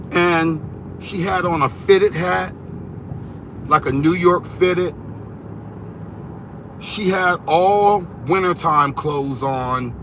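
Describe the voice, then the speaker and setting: Male commentator, slow, rambling and animated, with a sharp bright tone; faint car noise. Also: fairly high pitch. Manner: animated, rambling, repeats words. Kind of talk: casual gossip commentary.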